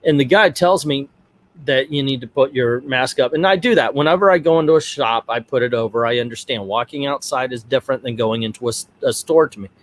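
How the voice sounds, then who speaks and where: A middle-aged man tells a personal story on his vlog. His telling rambles and turns animated, in a casual, unscripted way. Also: medium pitch, brisk. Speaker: vlog host.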